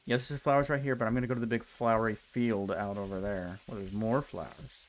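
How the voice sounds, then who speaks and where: A man's voice: lowish voice, steady tone, quick pace, faint music behind. A young man streaming a block game, ranting in exasperation and repeating himself as he plays. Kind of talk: casual game commentary.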